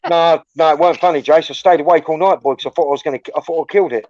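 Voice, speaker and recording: A man's voice: on the high side, rapid-fire, no room sound, muffled recording. A man hosting a livestream, telling a crude, rambling anecdote full of swearing. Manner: crude, swearing, storytelling, animated. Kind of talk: casual chat, rambling anecdote.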